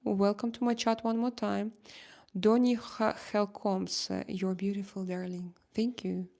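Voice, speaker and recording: A woman with a Russian accent hosting a casual livestream chat, reading out viewer comments in a halting way with many fillers and restarts. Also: mid-range voice, level tone, creaky, warm tone. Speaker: livestream host.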